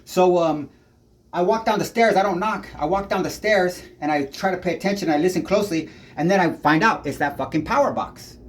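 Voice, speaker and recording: Speaking briskly in a high voice, a man records his neighbor on a handheld camera while ranting angrily for a vlog. He curses constantly and rambles from point to point, plainly agitated.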